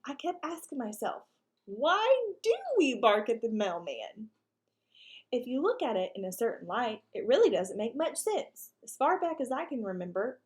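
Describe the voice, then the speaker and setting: Woman reading a kids' chapter book out loud, bouncy and expressive, pretty high voice. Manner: lively, expressive storytelling. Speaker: reader. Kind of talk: reading a children's book aloud.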